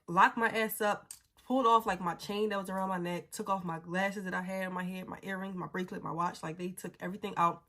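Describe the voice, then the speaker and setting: A woman, a mother, telling a story in a casual, animated and blunt way, swearing freely. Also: on the low side.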